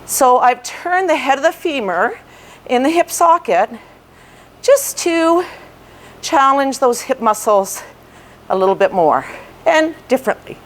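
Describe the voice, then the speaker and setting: A woman with a fairly high voice leads a workout class at a slow, steady pace. She cues form and counts down reps in an encouraging way while exercising along, a little out of breath. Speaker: fitness instructor. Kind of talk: guided workout instruction.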